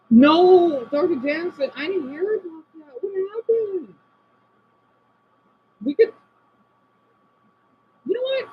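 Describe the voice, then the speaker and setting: An American man streaming live, chatting loosely with his viewers. His pitch jumps around a lot as he rambles from one thought to the next. The sound is dull and lo-fi, with a faint hum underneath. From United States. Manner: scattered, rambling, reacts to chat aloud. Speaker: livestreamer. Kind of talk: casual live stream chat.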